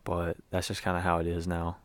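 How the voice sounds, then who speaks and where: A man's voice: low voice, completely flat delivery, fairly quick, no echo. A man hosting a sports podcast, talking in a loose, rambling way with plenty of fillers. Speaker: podcast host. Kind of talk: casual sports podcast talk.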